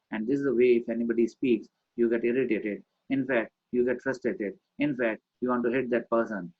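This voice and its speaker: Animated male trainer on a lo-fi call. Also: medium pitch, breathy edge. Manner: animated, demonstrates voice modulation with swings from whisper to loud. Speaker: communication trainer. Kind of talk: online training session. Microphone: video call.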